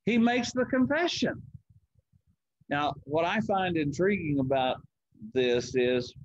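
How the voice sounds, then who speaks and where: High-voiced man teaching a church Bible study. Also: expressive, slow. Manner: reads scripture aloud, then explains it with repeated words and rhetorical questions. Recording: dull, lo-fi church stream.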